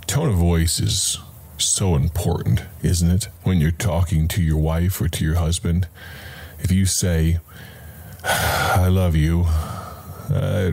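Slow, deep-voiced male radio preacher. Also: creaky, dark tone, husky. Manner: slow, deliberate, reflective delivery with pauses; conversational, addresses listener as friend. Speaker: radio Bible program host. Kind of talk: radio devotional sermon.

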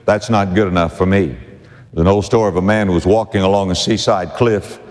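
A man preaching a sermon, repeating key phrases with slow emphasis. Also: sits low, fairly even intonation, darkish tone, long reverb tail. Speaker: pastor.

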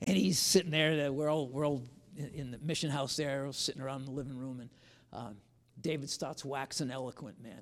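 A man's voice: medium pitch, fairly even intonation, fairly quick, in a large hall. A man preaching a sermon, telling a personal story with humor and turning to an earnest appeal.

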